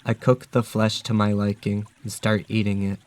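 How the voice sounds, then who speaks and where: A man narrating a dark first-person story in a flat, even way. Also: fairly low pitch, moderate pace.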